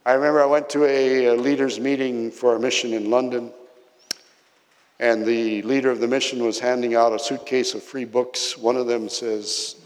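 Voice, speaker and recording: A man preaching a sermon, telling stories with emphatic pauses and quiet drops in his voice. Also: medium pitch, little pitch movement. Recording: long reverb of a hall.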